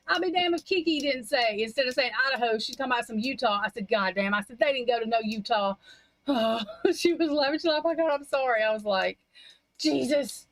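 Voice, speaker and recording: A woman talking casually on a live stream, blunt and full of cursing as she rambles from one gripe to the next. Her voice sits a little high, and the sound is close and dry with no room around it. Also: a little fast, fairly bright tone, no echo, rough recording. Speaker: livestream chat participant. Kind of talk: casual chat.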